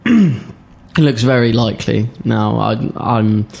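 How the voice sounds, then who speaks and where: Gravelly laid-back man on a podcast. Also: mid-range voice, animated, takes it slowly, darkish tone. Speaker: podcast co-host. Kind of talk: casual podcast chat.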